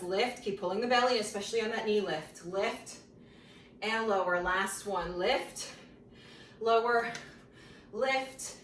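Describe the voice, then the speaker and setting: A woman leads a workout class, counting reps and calling out form cues while she moves along with it, a little out of breath. She sits back from the microphone, and the room gives her voice an echo over a faint hiss. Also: medium pitch. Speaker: fitness instructor. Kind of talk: guided workout class instruction. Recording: roomy sound from a distant mic with faint noise.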